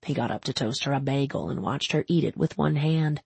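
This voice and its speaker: A woman narrating an audiobook in a measured, even way. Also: extremely low pitch, vocal fry, breathy edge, no echo. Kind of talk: scripted narration.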